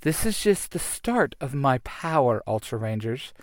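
A man voicing a smug male villain lord who threatens slowly. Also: medium pitch, very animated, no echo, studio quality. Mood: threatening.

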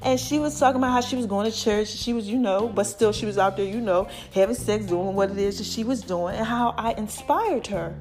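A middle-aged woman hosting her own podcast, talking casually and animatedly with slang, laughter and shout-outs to listeners. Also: mid-range voice, brisk, hardly any pauses, faint music behind. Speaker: podcast host. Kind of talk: casual solo podcast monologue.

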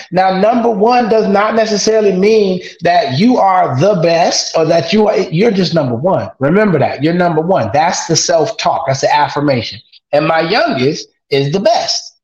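A man with a somewhat high voice speaks as a podcast guest, energetic and repetitive like a motivational speaker. His audio sounds roomy and echoey. It also has a dull, lo-fi tone. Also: moderate pace. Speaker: podcast guest, father of two daughters. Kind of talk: casual podcast interview.

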